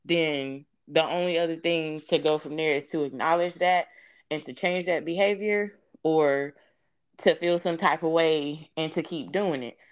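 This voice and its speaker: A woman's voice: low voice, fairly even intonation, a little slow, clear, resonant tone. A young woman speaking as a podcast guest, telling her story in an earnest, reflective way with many fillers. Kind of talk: candid conversational storytelling.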